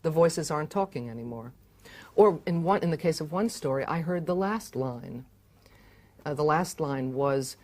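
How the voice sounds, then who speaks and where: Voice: medium pitch, expressive, fairly quick, a little mellow. A writer talking reflectively about how stories begin, hesitant, with many fillers and restarts. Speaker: fiction writer and filmmaker. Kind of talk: reflective conversation about writing.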